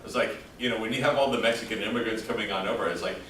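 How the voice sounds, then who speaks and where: A man's voice: fairly low pitch, racing, fairly bright tone, recorded from a distance, a little hiss or hum. A man lecturing a class in a casual, joking way, throwing questions out to the students. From El Paso, Texas. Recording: echoey classroom taped from afar.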